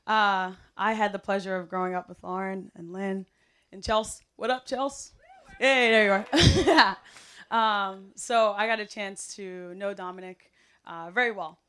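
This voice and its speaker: A young woman from the area speaks, delivering a loose, chatty wedding speech. She rambles with plenty of "um" and "like" and breaks into laughter often. Her voice sits at an ordinary middle pitch for a woman. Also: a bit bright, clean tone. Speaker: wedding guest giving a toast.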